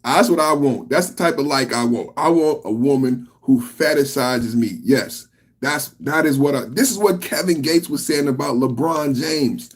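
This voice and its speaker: A man hosting a podcast, giving casual, excitable, profane reaction commentary and laughing often. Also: medium pitch, moderate pace. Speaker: podcast host.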